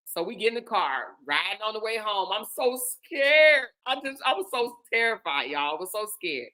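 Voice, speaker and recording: A woman hosting her own show, telling a personal story in an animated way and speaking straight to her listeners. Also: fairly high pitch, moderate pace, few pauses. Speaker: host.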